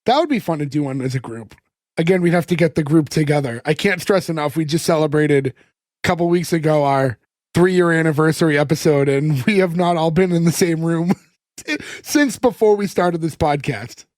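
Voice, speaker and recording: A man's voice: on the high side, moderate pace, a little mellow, no echo, studio quality. A man hosting a casual podcast, recapping an old sitcom episode, laughing often, his throat a bit scratchy. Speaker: podcast host.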